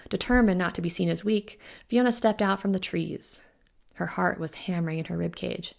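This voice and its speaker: A woman author reads her own fantasy novel aloud in a steady, even manner. Her voice is low and carries heavy vocal fry throughout. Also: normal speed. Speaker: author reading her book. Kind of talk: audiobook narration.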